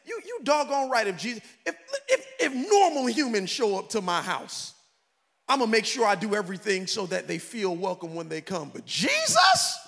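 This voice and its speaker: A middle-aged pastor delivering a sermon, shouting and preaching with comic impressions of his congregation. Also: high voice, big pitch swings, moderate pace, creaky. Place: large church hall. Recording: echoey church hall with faint ambience.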